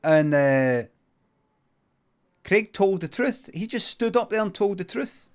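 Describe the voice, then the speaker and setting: A man with a Scottish accent improvising a comic story in a deadpan, rambling, sweary way. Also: sits high, slow pace, smooth. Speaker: comedian streamer.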